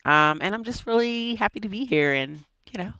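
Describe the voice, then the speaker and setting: A woman from Washington, D.C., a bag designer talking casually as an interview guest, relaxed with many ums. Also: medium pitch, fairly quick, no echo, highs cut off.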